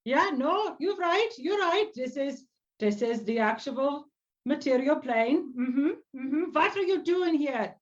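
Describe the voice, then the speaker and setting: A woman's voice: high-pitched, animated, takes it slowly, lo-fi sound, pitched above the performer's own voice. Woman playing a grizzled old bearfolk hermit. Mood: gruff. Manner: blunt, wary, hard of hearing.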